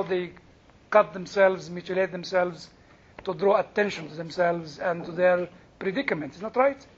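A man teaching a Bible study class in an animated, joking way, quizzing his listeners. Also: sits high. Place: classroom with a group. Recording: dull lo-fi recording.

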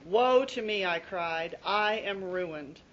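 A woman in a congregation reading a scripture passage aloud, steady with rising emphasis. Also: fairly low pitch, slow pace, dull audio.

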